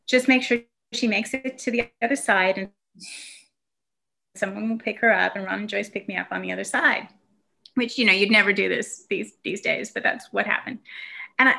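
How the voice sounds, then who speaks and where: A woman from the United States tells a personal story in easy conversation. Her voice is bright and forward, and she circles back with restarts and "um"s as she remembers. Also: mid-range voice, creaky. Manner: warm, reflective storytelling with fillers and restarts. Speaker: guest telling a childhood story. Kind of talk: casual conversation.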